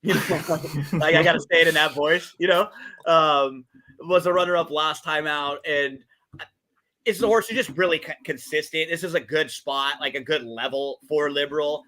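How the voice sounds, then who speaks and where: A man on the high side, sounding pushed and bright, co-hosts a podcast at a moderate pace. He chats about race and game picks in casual betting talk, with frequent fillers and restarts.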